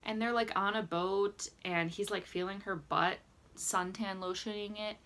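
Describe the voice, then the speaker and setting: A woman's voice: mid-range voice, fairly even intonation, a little slow, a bit bright. Young woman vlogger, chatty and wry, filler-heavy casual recap delivery. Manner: chatty, sarcastic, lots of "like" fillers. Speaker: vlogger recapping a reality dating show. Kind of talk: casual reaction vlog. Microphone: camera mic with ring light, indoors.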